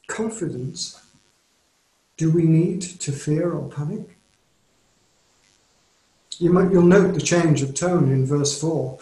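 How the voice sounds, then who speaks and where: Earnest English preacher in a roomy echo. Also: male voice, fairly high pitch, a little mellow. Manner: earnest, measured, emphatic on key phrases. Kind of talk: sermon. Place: church or home, recorded for online service.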